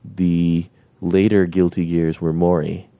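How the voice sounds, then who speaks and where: Low mellow guy chatting on a podcast, laughs a lot, dry sound. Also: little pitch movement, takes it slowly, no room sound, lo-fi sound. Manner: storytelling, laughs often. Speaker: podcast host. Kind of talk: casual chat.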